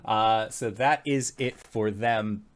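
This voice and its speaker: A man's voice: lowish voice, steady tone, slow pace. A man narrating as game master of a tabletop game, loose and full of fillers.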